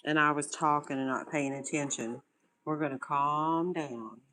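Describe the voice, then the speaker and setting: In a low, unhurried voice, a woman talks easily to her puppies and the people watching, gently coaxing the litter to calm down. She's a breeder filming them, and the room is loud with yapping and scuffling pups in the background.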